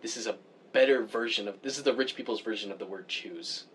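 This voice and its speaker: A man in casual chat, opinionated and animated as he grumbles about things that bother him. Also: fast talker, a little hiss or hum. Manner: animated, pitch jumps when worked up.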